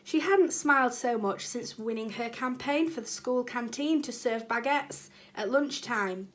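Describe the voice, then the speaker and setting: A woman's voice: a little high, unhurried. A woman, a primary school teacher, reading a children's book aloud with chatty asides to the children.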